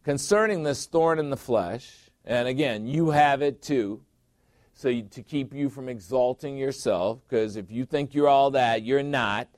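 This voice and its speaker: A man's voice: mid-range voice, measured pace, a little mellow, no room sound, studio quality. A middle-aged man preaching a sermon as pastor, emphatic, repeating phrases and putting questions to his listeners.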